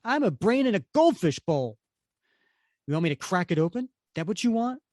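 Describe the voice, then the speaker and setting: A man's voice: high-pitched, sing-song, moderate pace, darkish tone, dry recording, studio quality, voice pushed up. A man voicing a smug telepathic brain in a globe, reading comic dialogue with a sneering, taunting manner.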